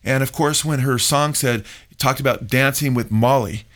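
A man's voice: mid-range voice, moderate pace, fairly bright tone. A middle-aged man, a pastor hosting a radio talk show, preaching emphatically and calling his listeners folks.

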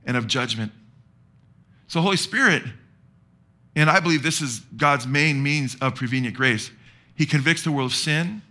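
Pastor, male, bright and forceful, slightly high voice, preaching with call-and-response. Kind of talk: sermon.

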